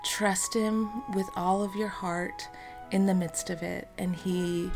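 A woman in her thirties hosting an unscripted devotional podcast, talking in an earnest, encouraging way with soft fillers. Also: medium pitch, steady tone, takes it slowly, over music. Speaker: podcast host.

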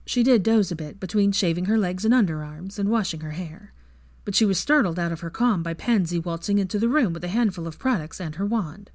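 A woman's voice: fairly low pitch, fairly quick. A woman narrating a fan fiction story as its reader. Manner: expressive storytelling. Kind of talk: scripted narration.

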